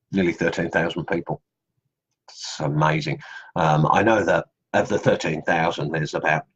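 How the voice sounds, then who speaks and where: Deep husky aussie-english guy on a live stream, rambly, lots of ums, dull lo-fi mic sound. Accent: Australian with English traces. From England. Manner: rambling, many ums, reads comments aloud. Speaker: online group host. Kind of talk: casual live stream chat. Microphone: computer mic on live stream.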